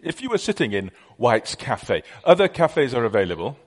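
A man's voice: medium pitch, sing-song, moderate pace. A middle-aged man preaching a conversational sermon, telling stories with many fillers.

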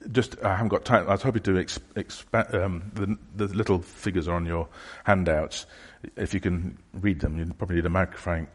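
A man preaching a sermon in a church hall. He talks in a conversational, halting way, restarting phrases and voicing imagined questions from passers-by. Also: low-pitched. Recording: long hall reverb.

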